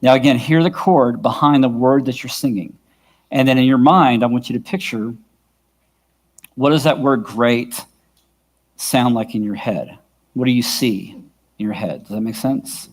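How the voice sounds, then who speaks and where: A man's voice: mid-range voice, moderate pace, pauses often. A man teaching a vocal workshop to a church worship team, patient and often checking that the group is following. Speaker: worship music instructor. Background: his own guitar.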